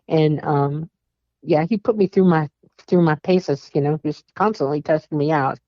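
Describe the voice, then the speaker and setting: A woman's voice: low voice, moderate pace, dry recording, dull audio. A woman guest on a talk show, chatting casually and emphatically about her experiences, laughing often. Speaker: guest contactee. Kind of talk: casual chat.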